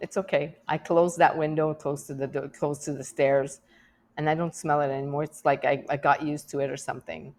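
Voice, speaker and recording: A woman's voice: low-pitched, steady tone, brisk, a little mellow. A middle-aged woman talking candidly in a personal vlog, emotional and rambling, laughing often and restarting her sentences. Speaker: vlogger.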